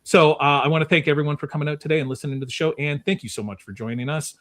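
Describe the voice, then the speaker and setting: A man's voice: a little high, very fast, fairly bright tone. A man hosting a podcast interview, chatty and self-deprecating. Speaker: podcast host. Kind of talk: casual interview chat.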